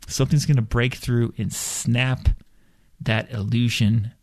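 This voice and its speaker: A man's voice: medium pitch, gravelly, no echo, studio quality. A man giving a motivational self-help monologue, speaking in a blunt, profane, irreverent and emphatic way.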